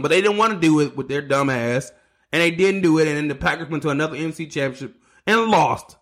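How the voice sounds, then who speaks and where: A man with a somewhat high voice hosts a solo sports podcast. He rants with heat, swears freely and trips over his words as he gets worked up. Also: fairly quick, a bit bright. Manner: heated, ranting, swearing, stumbling over words. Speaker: podcast host.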